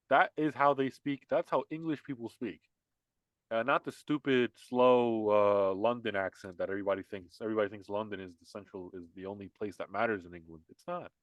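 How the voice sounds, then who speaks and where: A man's voice: on the low side, steady tone, brisk, no room sound. A man co-hosting a casual podcast, talking in a heated, emphatic way, repeating himself with many restarts. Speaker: podcast co-host. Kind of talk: casual political podcast chat.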